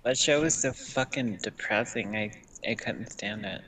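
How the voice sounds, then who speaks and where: A man's voice: on the low side, moderate pace, bright, forceful tone, recorded from a distance, slight background noise. A man in casual chat, blunt and swearing, telling comedy stories.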